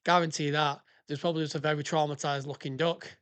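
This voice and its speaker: A man's voice: a little high, little pitch movement, fast talker, a bit bright, smooth. A man, a podcast host and former police officer, giving heated, sweary commentary on listener stories. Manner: sweary, heated and ranting, breaking into laughs. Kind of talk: ranting casual commentary on listener submissions.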